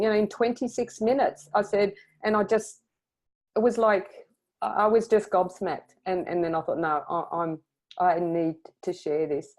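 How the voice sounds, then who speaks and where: Middle-aged woman, low pitch, earnest, emotional, restarts often. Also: darkish tone. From Australia. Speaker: guest. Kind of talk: personal story in an interview.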